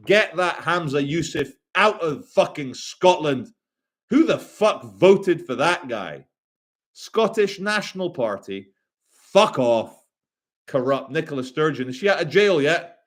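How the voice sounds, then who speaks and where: A man on a casual livestream reading chat aloud, rambling and swearing with quick asides. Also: fairly high pitch, animated.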